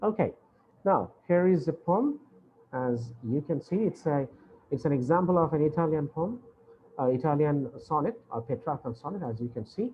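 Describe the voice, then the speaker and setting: A man's voice: on the high side, lively intonation, moderate pace, highs cut off, a little hiss or hum. Man lecturing over a video call. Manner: explains patiently, repeating points with frequent "uh". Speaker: university English lecturer. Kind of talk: online lecture.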